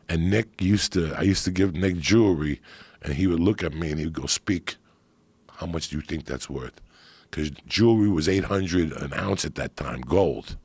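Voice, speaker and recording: A middle-aged man telling profane stories in a casual chat, getting animated as he goes. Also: deep voice, slightly rough, dry recording.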